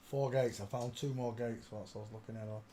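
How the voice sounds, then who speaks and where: A man's voice: mid-range voice, steady tone, fairly quick, dark tone, a little hiss or hum. An older man hosting a rambling live stream from his home desk, chatting, greeting viewers and humming to himself as he clicks around. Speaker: livestream host.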